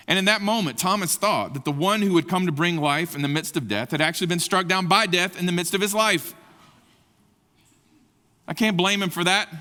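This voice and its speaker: Impassioned preacher in a reverberant hall. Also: male voice, sits high, pushed and bright. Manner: impassioned, rising to emphatic peaks. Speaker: conference speaker. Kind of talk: sermon. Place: large conference hall.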